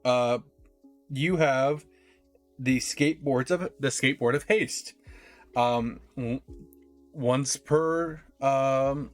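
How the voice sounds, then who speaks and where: A man's voice: medium pitch, slow pace, long pauses, soft background music. A man narrating as game master in a casual tabletop session, joking and laughing often.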